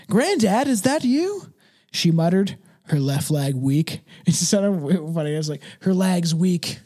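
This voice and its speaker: Podcast co-host, casual, reads a ghost story, stumbles on words, laughs a lot, mid pitch. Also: darkish tone. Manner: laughs often, stumbles over words while reading. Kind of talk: casual chat and reading a ghost story aloud.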